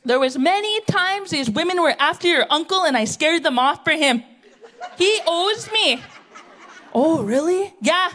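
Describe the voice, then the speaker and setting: A woman's voice: extremely high pitch, animated, measured pace, a bit bright, heavily acted. A woman on a theatre stage playing a brash, chain-smoking middle-aged auntie in a live comedy monologue, rambling, indignant and laughing at herself.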